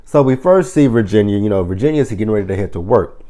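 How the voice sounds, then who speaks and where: A man in his thirties recapping a TV episode in a casual, profane, animated vlog style, acting out the characters' lines as he goes. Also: lowish voice, fast talker. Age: 30s. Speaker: TV episode reviewer.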